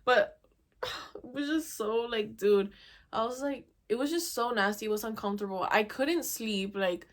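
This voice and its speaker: A young woman hosting a casual storytime chat, animated and exasperated, full of "dude" and "oh my God.". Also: fairly high pitch, moderate pace. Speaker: podcast host.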